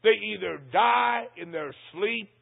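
Older male preacher, dramatic sermon storyteller, high husky voice, tinny lo-fi sound. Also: animated. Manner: dramatic storyteller, slows for emphasis. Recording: tinny phone-like recording.

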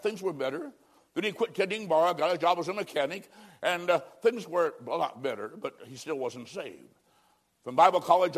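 A man preaching an evangelistic sermon, telling a story and pleading with dramatic swings between loud and hushed. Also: a little high.

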